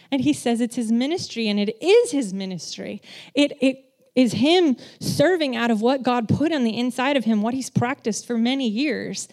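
A woman giving a conversational sermon as a church speaker who works in children's ministry, candid and self-deprecating, acting out the voices she quotes. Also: fairly high pitch. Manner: animated, acts out quoted voices.

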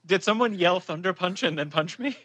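A man playing a tabletop game, speaking in a dry, deadpan, bewildered way. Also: high voice, a little fast, husky, dry recording. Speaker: player.

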